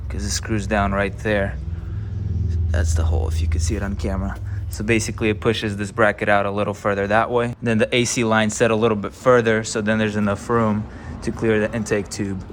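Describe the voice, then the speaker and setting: A car build vlogger talks casually through his rebuild in a garage, eagerly explaining each step as he works. His voice sits on the low side, with slight background noise and music playing behind him.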